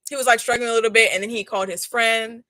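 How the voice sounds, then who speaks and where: A young woman in her twenties telling a casual, slangy storytime while doing a face mask, animated and laughing often. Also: fairly high pitch, fast. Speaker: vlogger.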